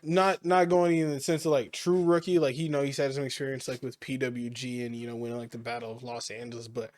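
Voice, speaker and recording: A man's voice: medium pitch, flat delivery, fast talker, darkish tone, dry recording. A man co-hosting a podcast, chatting casually about wrestling, rambling with lots of fillers and restarts. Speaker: podcast co-host.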